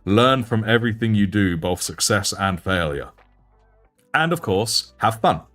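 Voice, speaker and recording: Deep-voiced British man chatting casually. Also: expressive, unhurried, fairly bright tone, soft background music. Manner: chatty and self-mocking, with frequent laughs. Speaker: livestream host and miniature painter. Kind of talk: casual livestream chat.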